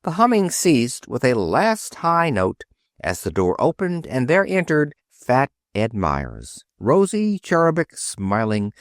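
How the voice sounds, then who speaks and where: A man narrating an audiobook with expressive storytelling. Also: mid-range voice, no echo, studio quality. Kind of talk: scripted narration.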